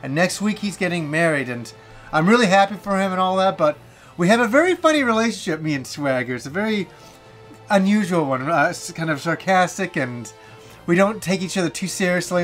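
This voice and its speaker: High-voiced man telling a story. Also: brisk, soft background music. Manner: animated, swears freely, laughs while telling. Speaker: vlogger. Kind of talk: casual storytelling to camera.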